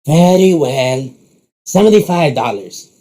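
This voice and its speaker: Man voicing a flashy, high-pitched storybook showman, slow and theatrical, mellow tone. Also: lively intonation, natural voice. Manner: theatrical, drawn-out. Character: flamboyant showy male bowling challenger.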